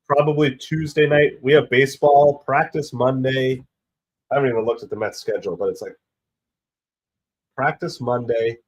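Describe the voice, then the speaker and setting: A middle-aged man with a cold, hoarse and stuffy, hosting a live stream and chatting casually through the play-by-play. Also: moderate pace. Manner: rambling, excitable about pitches.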